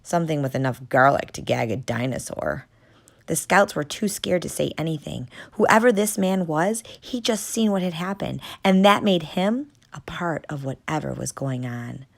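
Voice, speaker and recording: Brief: woman storybook narrator, deep and gravelly, steady reading. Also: moderate pace. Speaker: audiobook narrator.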